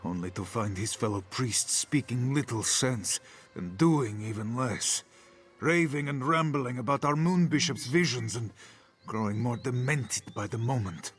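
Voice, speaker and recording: A man's voice: medium pitch, a little slow, fairly bright tone, close to an everyday voice. An actor playing a troubled, weary male cat-folk priest who speaks formally and calls himself "this one", in a fantasy game. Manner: formal, refers to himself in the third person.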